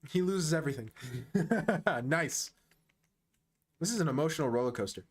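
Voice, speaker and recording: A man streaming casual live chess commentary, excitable and slangy, talking straight to the player he is watching. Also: on the high side, moderate pace.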